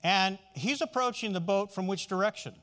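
A man's voice: high-pitched, normal speed, fairly bright tone. A man preaching a sermon in a conversational way, often asking the listeners questions.

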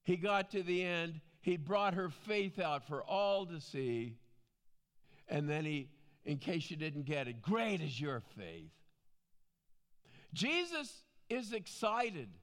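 A man's voice: high-pitched, expressive, slow, fairly bright tone. A man teaching from the Bible in a conversational preaching style, with frequent asides.

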